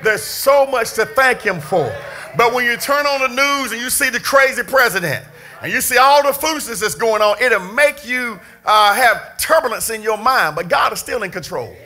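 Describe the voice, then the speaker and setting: A middle-aged man preaching a sermon in a church, often raising his voice to a shout for emphasis. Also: very high voice, expressive, moderate pace. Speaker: pastor. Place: church sanctuary.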